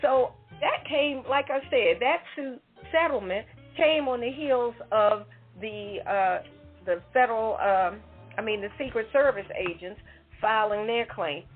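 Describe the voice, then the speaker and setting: A woman's voice: fairly high pitch, a little slow, breathy edge, faint music behind. A woman co-hosting a talk show, giving an emphatic, indignant commentary. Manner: emphatic, indignant, conversational with asides. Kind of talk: opinion commentary segment. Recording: tinny phone-line audio.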